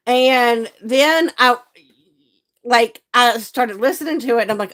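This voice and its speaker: This is a woman with a hoarse, croaky voice, chatting her way through a live stream. She talks at an unhurried pace and sits a little high in her register. Her manner is folksy and friendly as she calls out viewers by name. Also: a bit bright. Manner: chatty, folksy, laughs often. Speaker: livestream host and seller. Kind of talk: casual live-stream chat greeting viewers.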